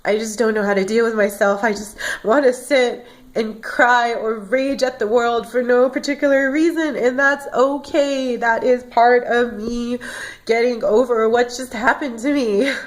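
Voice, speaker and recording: A woman's voice: on the high side, steady tone, measured pace. A woman vlogging about how she feels, ranting emotionally, tearful at times and stumbling over repeated words. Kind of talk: emotional personal vlog.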